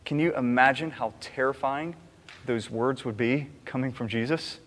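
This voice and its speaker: A man's voice: mid-range voice, very animated, normal speed, fairly bright tone, in a large hall. A man preaching a sermon as pastor, earnest and self-examining, asking his listeners rhetorical questions. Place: church sanctuary.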